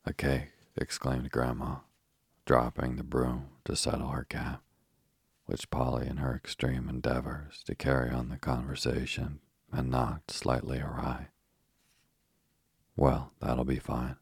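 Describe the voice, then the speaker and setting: A man narrating a bedtime story in a calm, even way. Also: rumbling low, a little slow, creaky, breathy edge, dry recording, studio quality.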